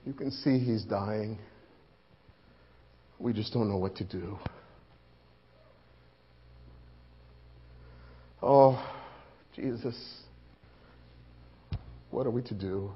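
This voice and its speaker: A man's voice: lowish voice, slightly rough, lo-fi sound, voice pushed down. A man playing an anguished grieving disciple. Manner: anguished, halting, repeats words. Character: grieving male disciple at the crucifixion. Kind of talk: dramatic monologue.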